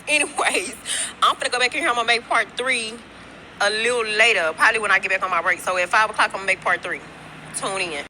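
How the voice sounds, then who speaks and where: On a work break, a young woman rambles through a profane story into her phone, often calling out to viewers as y'all in this casual storytime chat. Her medium-pitched voice is bright and forceful. The low-quality recording carries a little hiss or hum.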